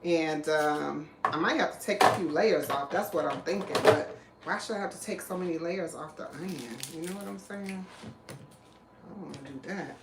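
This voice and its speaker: A woman's voice: low-pitched, normal speed. A woman hosting a live cooking stream in her kitchen, chatting casually and rambling as she greets viewers and reads out their comments. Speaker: cooking livestream host. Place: home kitchen. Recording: echoey room, faint background noise.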